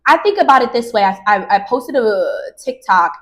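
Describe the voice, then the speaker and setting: A woman around thirty hosting her own podcast, talking casually and off the cuff in an animated, slangy way with laughs. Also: fairly high pitch, moderate pace. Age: 30s. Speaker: podcast host. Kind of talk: casual solo podcast monologue.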